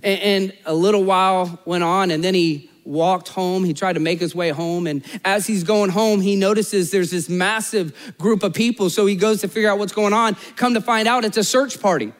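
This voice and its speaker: A man pastor preaching a sermon, telling stories and acting out the people in them, rising high in the anecdotes and dropping soft in the appeals. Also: moderate pace, few pauses, long reverb tail. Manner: storytelling, voices characters in anecdotes; animated, rises high and loud in stories, drops low and soft for appeals.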